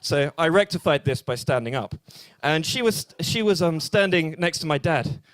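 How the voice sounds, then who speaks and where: A young man with an English accent doing a stand-up set at a small bar open mic, deadpan and hesitant with many fillers. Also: fairly high pitch, normal speed, no echo. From England. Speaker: stand-up comedian.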